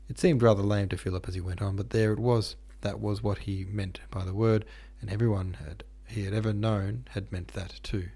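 A man hosting a podcast, reading a classic novel aloud in steady, measured narration. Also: fairly low pitch, husky. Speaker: podcast host and reader. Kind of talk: audiobook narration.

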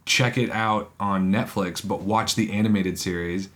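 A man co-hosting a podcast in casual chat, rambling and halting, often breaking into laughs. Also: on the low side, fairly even intonation, fairly bright tone. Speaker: podcast co-host.

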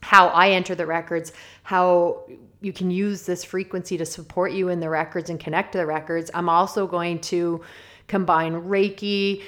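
Woman, podcast host, lowish voice, bubbly and self-deprecating, rambles and giggles. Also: flat delivery, moderate pace, a bit bright. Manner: chatty and self-deprecating, laughs often and digresses; enthusiastic and upbeat. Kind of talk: casual solo podcast monologue.

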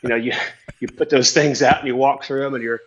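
A man's voice: mid-range voice, steady tone, a little fast, husky. A man, a tandem skydiving instructor telling a story in a casual, rambling chat and swearing freely.

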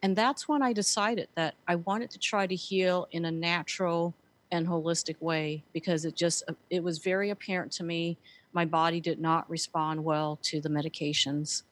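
A woman's voice: on the low side, steady tone, moderate pace. A woman telling her story earnestly as a guest, with frequent fillers. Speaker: guest, author and speaker. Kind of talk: conversational interview.

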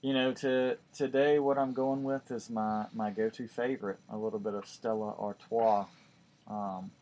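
A man's voice: lowish voice, steady tone, normal speed, darkish tone. A man co-hosting a casual podcast, laid-back and hesitant, using many fillers. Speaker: podcast co-host. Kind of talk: casual chat.

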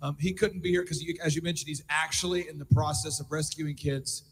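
A man hosting on stage at a conference, talking quickly and emotionally, tripping over repeated words. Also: a little high, steady tone, big-room sound, noisy background. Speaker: conference host. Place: large conference hall.

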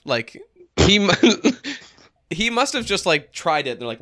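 A man's voice: on the high side, animated, normal speed, pushed and bright. A man podcast host in casual movie chat, joking and mocking the voices of others.

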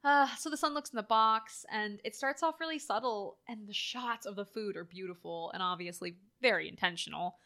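A woman co-hosting a casual chat, animated and full of filler words, acting out quoted lines as she talks. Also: mid-range voice, brisk, hardly any pauses. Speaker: podcast co-host. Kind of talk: casual chat reviewing a horror film.

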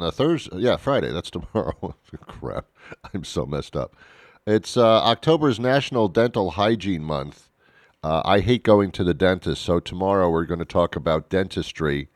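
A man's voice: sits low, no room sound, studio quality. A man hosting a radio talk show, rambling and joking at his own expense. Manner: rambling, self-mocking, jokey. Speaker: radio host. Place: radio studio.

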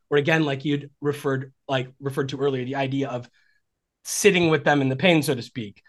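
A relationship coach in his forties speaks earnestly and reflectively in a conversational podcast interview. His mid-range voice holds a steady tone at a slightly fast pace, and he acts out quoted dialogue.

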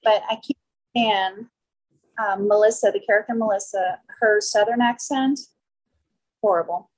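A woman's voice: medium pitch, fairly even intonation, measured pace, rough recording. A woman guesting on a film podcast, talking casually with hesitant ums. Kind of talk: casual chat.

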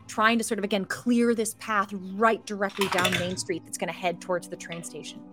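A woman running a tabletop game as game master, telling the scene in a lively, playful way. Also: mid-range voice, brisk, over music.

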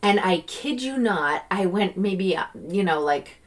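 A woman hosting a podcast on her own, talking casually and animatedly, often slipping into excited quoted gratitude. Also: medium pitch, a little slow. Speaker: podcast host. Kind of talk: casual solo podcast talk.

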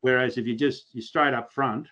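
A man's voice: medium pitch, steady tone, moderate pace, sharp tone, muffled recording. An Australian man chatting as a podcast guest, telling blunt, earthy stories with mild swearing. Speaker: podcast guest, pig hunter. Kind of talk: casual podcast chat.

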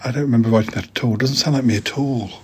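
A middle-aged man hosts a podcast by himself, his medium-pitched, slightly rough voice going rapid-fire as he rambles through old keepsakes. He reads his old writing aloud in a casual solo chat, dropping self-deprecating asides along the way.

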